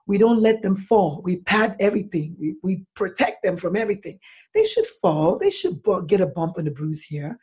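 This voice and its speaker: A woman author answering interview questions, animated and acting out bits of dialogue as she talks. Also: fairly low pitch, slightly rough. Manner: animated, acts out dialogue in lively voices. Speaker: author guest.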